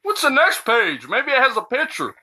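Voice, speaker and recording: Woman egging on her granny, pleading and teasing, high bright voice. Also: wildly swooping pitch, normal speed. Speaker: family member coaxing the grandmother. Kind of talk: casual comedic banter.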